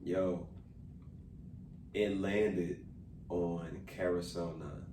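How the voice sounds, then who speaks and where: A man's voice: low-pitched, steady tone, drawn-out words, background noise. A young adult man co-hosting a casual travel vlog with his wife, laid-back and chiming in to finish her story, recorded in a hotel room. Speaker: vlog co-host, husband. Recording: echoey room, camera at a distance.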